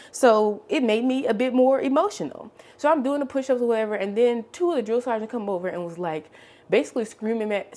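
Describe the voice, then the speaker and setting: Late-twenties woman, vlogger, emotional candid storytelling, mid pitch, heavy "like" fillers. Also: a little mellow. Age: 20s. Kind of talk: storytime while cleaning.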